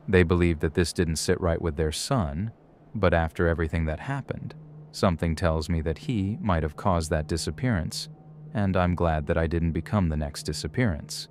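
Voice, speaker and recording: Deep-voiced man narrating horror stories. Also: moderate pace, a little mellow, slight background noise. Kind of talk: scripted narration. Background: faint background music.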